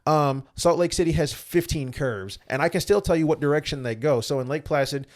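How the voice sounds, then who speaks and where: Brisk and slightly high-voiced, a young former Olympian appears as a guest, animatedly spinning stories in casual chat and imitating the voices of the people in them.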